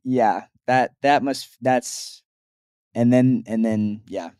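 A man's voice: medium pitch, takes it slowly, darkish tone, smooth, no echo. Teasing young man co-host, dry sound. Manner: teasing, rambling storytelling. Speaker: podcast co-host. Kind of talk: casual chat.

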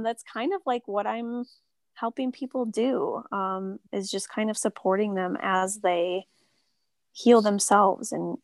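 Soft-spoken woman, dry close sound. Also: medium pitch, dry recording. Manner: soft-spoken, lots of filler words. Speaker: Reiki practitioner. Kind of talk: casual interview talk. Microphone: remote call.

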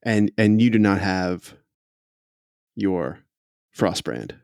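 A man running a tabletop game as game master, laughing often and narrating slowly. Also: low-pitched, lively intonation, gravelly, a little mellow, smooth, no room sound, clean studio sound.

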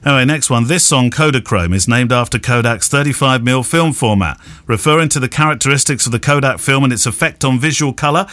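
A man co-hosts a podcast in a relaxed, joking way, reading out quiz clues and listener mail. His voice sits at an average pitch for a man. He drops quick humorous asides between the questions. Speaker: podcast co-host.

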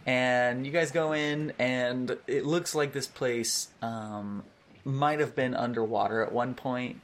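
A man's voice: mid-range voice, steady tone, slow pace. A man narrating a tabletop game as game master, in a hesitant, filler-heavy way.

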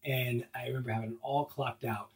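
A man telling a funny travel story in casual chat, animated and exasperated, acting out what people said. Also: mid-range voice, a little fast, recorded from a distance, poor audio. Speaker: co-host.

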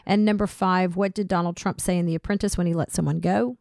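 A woman's voice: fairly low pitch, fairly even intonation, quick pace, creaky, a little mellow, no echo. Upbeat woman co-host reading quiz questions, dry close mic. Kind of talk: casual chat.

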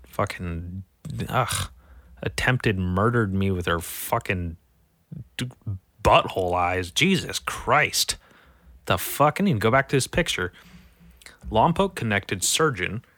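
A man's voice: low-pitched, sharp tone, dry recording. A young man hosting a solo podcast, grumbling and swearing as he reads out local headlines. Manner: profane, irritable, grumbling. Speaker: podcast host.

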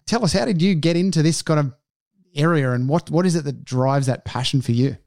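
A man's voice: a little high, brisk, creaky, a little mellow, no room sound, studio quality. A man co-hosting a podcast, talking in a rambling way with many fillers. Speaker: podcast co-host. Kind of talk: casual interview chat.

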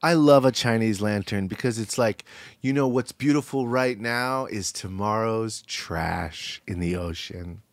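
A man co-hosting a podcast in casual chat, deadpan and cutting in with absurd asides. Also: lowish voice, measured pace, no echo. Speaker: podcast co-host.

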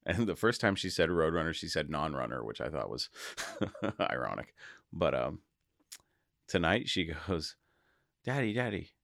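A man hosting his own podcast, talking casually and excitedly to his listeners and often laughing. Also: extremely low pitch, moderate pace, vocal fry, dry recording, clean studio sound. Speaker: podcast host. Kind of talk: casual solo podcast monologue.

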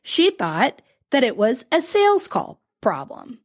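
A woman's voice: high voice, unhurried. A woman hosting a solo business podcast, telling a client story with frequent laughs and acted-out quotes. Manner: animated, laughs often, acts out quoted clients. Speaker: podcast host and business coach.

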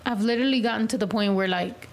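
A woman's voice: on the high side, fast. A woman co-hosting a casual group chat, playful and teasing, laughing often. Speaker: podcast co-host. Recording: light background noise.

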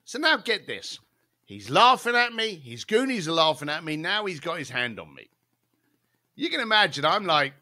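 A man with a fairly high-pitched voice, talking at a moderate pace, shares a salty anecdote as a guest on an interview podcast. He's lively and animated, laughing often and tossing in asides.

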